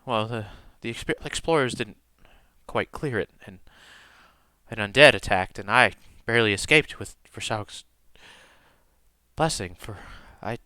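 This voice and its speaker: A man voicing a grieving woman priestess who stammers and breaks off softly as she talks. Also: fairly low pitch, dry recording. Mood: tearful, halting. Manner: halting, stammering, soft-spoken.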